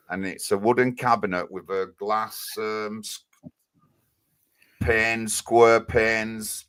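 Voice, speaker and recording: Male co-host, low-pitched, earnest and rambling, lots of fillers. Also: clean tone. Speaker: co-host and media spokesman. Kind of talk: casual live-stream chat.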